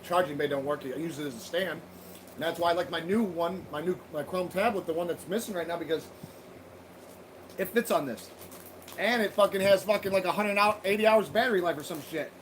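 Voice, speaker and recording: A man's voice: high voice, a little fast, a little hiss or hum, rough recording. A man hosting a livestream, chatting loosely with viewers, swearing freely and laughing at their comments. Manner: loose, profane, laughing banter. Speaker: livestream host. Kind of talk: casual livestream chat with viewers.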